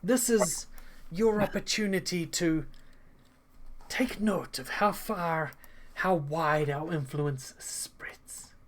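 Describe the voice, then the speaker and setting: A woman voicing a male cult host who speaks in a measured, ominous way. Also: on the low side. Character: smooth male cult host, menacing schemer.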